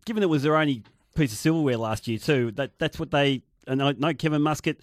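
A man's voice: on the high side, dry recording, clean studio sound. Analytical man on sports radio. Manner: measured, analytical. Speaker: radio panelist. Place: radio studio.

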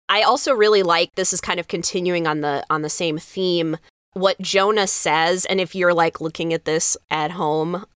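A woman pastor co-hosting a podcast, chatting in an animated way, laughing easily and acting out quotes. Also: lowish voice, smooth, no room sound, studio quality. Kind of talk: casual chat.

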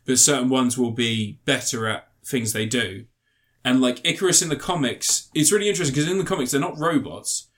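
A man's voice: mid-range voice, brisk, a bit bright. A man chatting casually about a film, rambling and swearing, doing mocking impressions.

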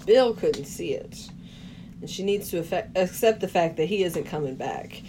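A woman with a lowish, mellow, animated voice speaks at normal speed over slight background noise. Co-hosting a casual podcast, she recaps movie scenes, acts out the characters' lines, and laughs frequently.

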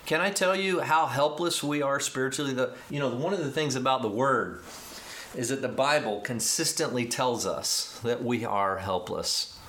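A man preaching a sermon, telling a story with animated, acted-out dialogue and excited emphasis. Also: mid-range voice, moderate pace. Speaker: pastor.

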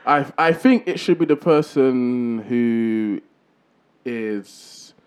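A man's voice: medium pitch, takes it slowly, clean tone. A young man hosting a podcast, rambling and loose with plenty of fillers. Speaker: podcast host. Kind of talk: casual chat.

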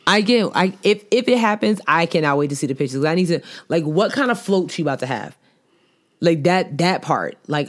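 A woman co-hosting a podcast, chatting casually in animated, slangy banter with frequent laughs. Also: lowish voice, brisk. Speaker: podcast co-host. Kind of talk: casual chat.

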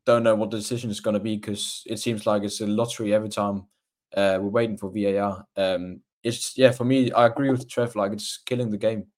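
A man with a low, flat voice that barely rises or falls. He talks hesitantly, with plenty of ums, in a casual podcast chat. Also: fairly quick. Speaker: podcast co-host.

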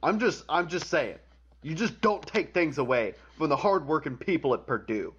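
A man's voice: a little high, lively intonation, moderate pace, a bit bright, slightly rough, muffled recording. A man co-hosting a podcast, chatting casually about sports with dry, sarcastic quips. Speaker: podcast co-host.

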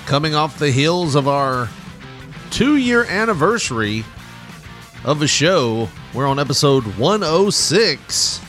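A man's voice: a little high, lively intonation, takes it slowly, fairly bright tone, faint music behind. A man hosting a podcast in casual, joking chat, laughing often. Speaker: podcast host.

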